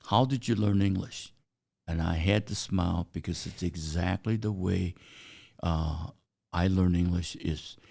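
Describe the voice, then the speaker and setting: An older man with a deep, gravelly voice, originally from China, with Chinese as his first language. He tells anecdotes in a halting, unhurried way, full of "uh" pauses, as a guest in a casual interview. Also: dark tone. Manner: halting, anecdotal, frequent "uh" fillers.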